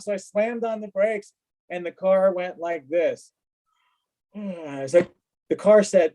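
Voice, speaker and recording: Guy telling stories real animated, bit high pitched, acts out the dialogue. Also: moderate pace, poor audio. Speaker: guest, car collector. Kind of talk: casual storytelling.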